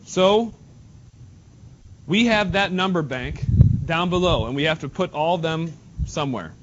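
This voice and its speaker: A man's voice: fairly high pitch, lively intonation, unhurried, long pauses. Man teaching a class, dull lo-fi sound. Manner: casual, joking, calls on students by name. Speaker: math teacher. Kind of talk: classroom lesson. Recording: dull lo-fi classroom recording with faint noise.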